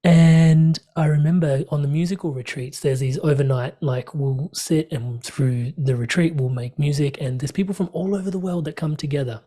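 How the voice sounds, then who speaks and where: Man, podcast guest, warm mellow tone, animated storytelling, frequent laughter. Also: a little high, moderate pace, hardly any pauses. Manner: animated, laughs often, acts out quoted dialogue. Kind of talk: storytelling in conversation.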